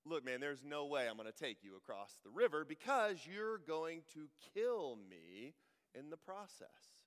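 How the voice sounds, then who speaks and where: A man's voice: a little high, very animated, measured pace, fairly bright tone, clear, resonant tone, in a large hall. A man voicing a wary male frog in a fable, arguing his doubts in a plain voice.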